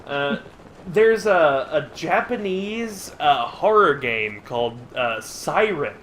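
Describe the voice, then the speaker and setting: A man's voice: fairly high pitch, lively intonation, slow pace, slight background noise. Chatty American man streaming a game. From United States. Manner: chatty, laughs often, shifts between loud bursts and quiet asides. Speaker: streamer host. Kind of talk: casual chat while gaming. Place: indoors at home.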